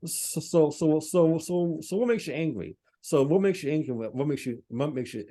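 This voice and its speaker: A man's voice: fairly high pitch, lively intonation, moderate pace, mellow. A male podcast host who stammers and repeats words as he asks questions. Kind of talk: casual interview.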